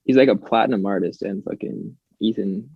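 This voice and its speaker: A young man with a light Southern American twang and a fairly low voice talks loosely, stringing thoughts together with "like" and restarts. The sound is dry and a bit dull, as on a cheap podcast mic. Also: fairly quick, creaky, breathy edge, no echo. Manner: rambling, many fillers and restarts. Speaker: podcast co-host. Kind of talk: casual chat.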